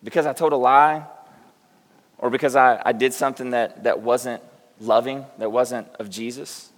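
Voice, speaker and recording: A man's voice: mid-range voice, steady tone, moderate pace. A middle-aged male pastor giving a conversational sermon in a church, telling self-deprecating stories and asking the congregation direct questions. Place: church sanctuary. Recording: long hall reverb.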